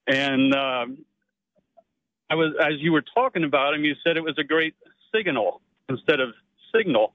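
A man's voice: fairly high pitch, steady tone, normal speed, no echo. A man from Pennsylvania calling a radio show for the first time, friendly and teasing. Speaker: caller. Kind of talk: casual phone call. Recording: muffled phone line.

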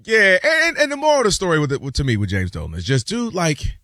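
A man's voice: on the high side, huge pitch swings, quick pace, bright, forceful tone, no room sound, clean studio sound. A man hosting a sports talk show, chatting casually and playfully, acting out quotes. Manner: playful, acts out quotes, laughs easily. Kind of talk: casual sports radio chat.

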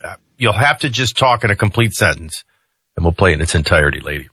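This male radio talk host is a fast talker with lively intonation and a low, forceful, slightly husky voice. He rambles loosely in conversational style and drops in jokey asides. A studio mic gives a close, dry recording.

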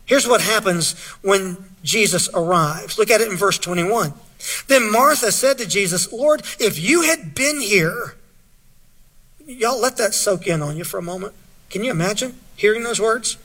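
A man's voice: sits high, moderate pace, sharp tone, breathy edge. A man preaching a sermon, reading scripture aloud and earnestly asking his listeners questions. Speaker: pastor.

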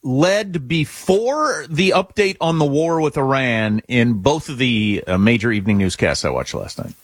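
A man co-hosting a talk radio show, dropping dry, deadpan remarks. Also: medium pitch, unhurried, breathy edge, dry recording. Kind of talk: casual talk radio banter. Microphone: studio mic.

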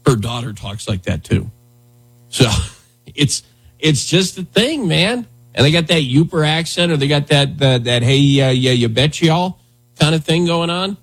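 A man's voice: a little high, very animated, a little slow, a bit bright, breathy edge. A male radio host talking casually in a rambling, conversational way with lots of fillers. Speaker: radio talk show host. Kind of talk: casual talk radio chat.

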